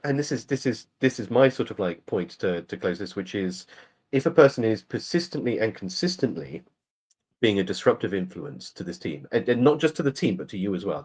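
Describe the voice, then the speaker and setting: A man's voice: on the low side, darkish tone. A man co-hosting a casual podcast chat, talking through a point at length with plenty of ums and restarts. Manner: rambling, explanatory, many fillers. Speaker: podcast co-host.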